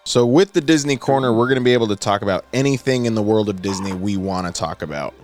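Man, co-host, lowish voice, laid-back conversational. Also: quick pace, over music. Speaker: podcast co-host. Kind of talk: casual podcast chat.

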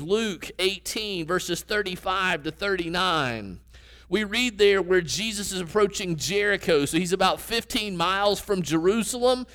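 A man's voice: high-pitched, a bit bright. A man preaching a sermon in a conversational teaching manner, asking his listeners questions.

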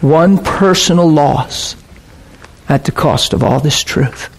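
A man's voice: a little high, slow, creaky. A man preaching with earnest intensity, retelling a personal story and acting out both sides of the conversation. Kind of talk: sermon storytelling.

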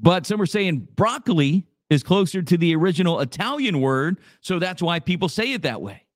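A man's voice: high-pitched, very animated, normal speed, no echo, studio quality. A man hosting a radio show, chatting casually in a rambling, jokey way. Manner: rambling, jokey, repeats himself.

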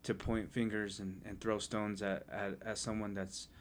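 Low-voiced man telling heartfelt testimony. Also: flat delivery, moderate pace, a little hiss or hum. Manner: earnest, heartfelt storytelling with frequent restarts. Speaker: podcast guest sharing testimony. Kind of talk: casual chat.

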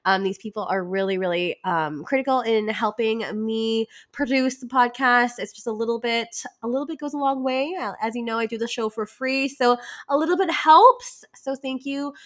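A woman's voice: on the high side, moderate pace, hardly any pauses, fairly bright tone. A woman hosting a podcast, chatty and upbeat with many fillers, congested from a cold. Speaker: podcast host. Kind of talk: casual podcast intro.

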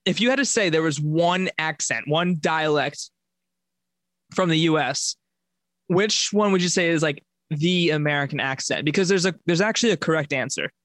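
A man's voice: a little high, moderate pace, fairly bright tone, dry recording. A young man from Long Island with a mild Long Island accent, chatting casually as a podcast co-host and rambling with lots of fillers. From Long Island, New York. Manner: rambling, filler-heavy, self-correcting. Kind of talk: casual chat.

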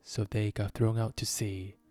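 A man voicing a solemn, impatient griffin creature in a storybook reading, with a deep voice. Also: little pitch movement, measured pace, mellow, faint music behind, natural voice.

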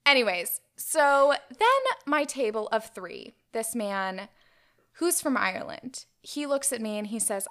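A woman's voice: on the high side, animated, a little slow, fairly bright tone. A woman in her twenties telling a story in a casual podcast chat. She talks in a chatty way and leans on "like" as a filler. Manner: chatty, heavy use of "like" fillers. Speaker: podcast co-host.

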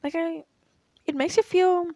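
A young African woman vlogger rambles through a casual, confessional Q&A, answering personal questions hesitantly and often correcting herself. Her voice is very high and steady, a little slow and warm, on a dry recording.

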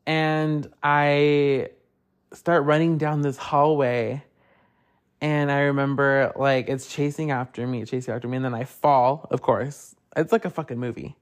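A young podcast host tells a personal ghost story casually and profanely, piling on "like" fillers and putting on high voices when quoting others. His intonation is fairly even, his pace measured, and his tone clean.

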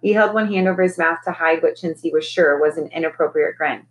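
A woman teacher reading a children's novel aloud to her class in a calm, steady storytelling voice. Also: low voice, brisk, poor audio.

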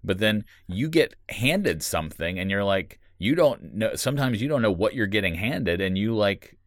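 A man with a very low voice chats casually on a podcast, animated and quick to laugh, with some swearing. The sound is dry and close, with no room around it. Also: dry recording. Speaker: podcast co-creator and writer.

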